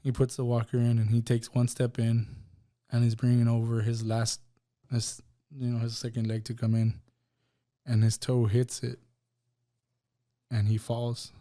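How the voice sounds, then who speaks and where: A man's voice: mid-range voice, completely flat delivery, a little slow, dark tone. A man sharing a personal testimony on a podcast, telling of a loss with emotion and acting out what each person said. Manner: emotional storytelling, acts out dialogue. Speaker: podcast guest.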